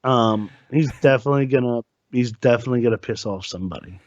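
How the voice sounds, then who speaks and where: A man from New Jersey co-hosting a casual podcast, talking haltingly and repeating his words. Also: mid-range voice, a little mellow, dry recording, lo-fi sound. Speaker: podcast co-host. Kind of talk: casual chat.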